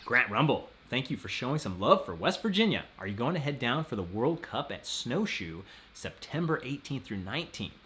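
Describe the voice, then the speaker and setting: A man's voice: medium pitch, bright, forceful tone. A man hosting a casual live stream, rambling and laughing often as he reads out viewer messages.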